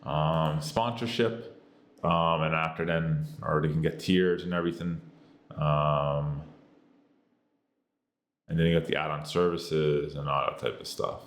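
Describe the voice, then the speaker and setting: A man's voice: steady tone, measured pace, pauses often. A man with an American accent giving a casual, rambling review of an app, full of fillers and repeated catchphrases. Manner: rambling, filler-heavy, says "boom" and "you get the idea". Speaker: tech reviewer.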